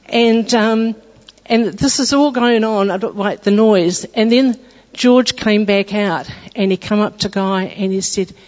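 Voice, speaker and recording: A woman's voice: medium pitch, a little mellow. Woman's testimony in an echoing church. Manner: earnest, halting retelling with restarts. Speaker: church member giving testimony. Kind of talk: testimony storytelling. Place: church hall. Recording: dull lo-fi with long hall reverb.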